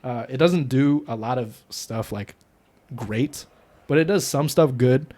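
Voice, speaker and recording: A young man co-hosting a podcast, chatting casually and profanely about a movie, getting loud when worked up. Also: medium pitch, measured pace. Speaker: podcast co-host. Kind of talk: casual movie review chat.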